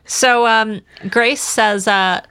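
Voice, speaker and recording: Playful teasing woman podcaster. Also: on the high side. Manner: playful, teasing, animated when retelling. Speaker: podcast co-host. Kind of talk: casual book discussion chat.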